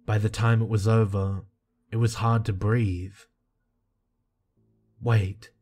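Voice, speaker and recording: A man reading a creepy first-person horror story in a slow, hushed and tense way. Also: lowish voice, flat delivery. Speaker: narrator. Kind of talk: scripted horror narration. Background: soft music.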